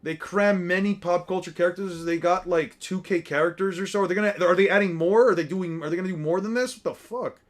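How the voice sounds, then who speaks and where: A man with a slightly high voice talks loosely and profanely. He rambles and mutters names to himself as he reacts, in an offhand, unscripted way. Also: quick pace, hardly any pauses. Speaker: streamer reacting to artwork. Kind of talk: casual commentary.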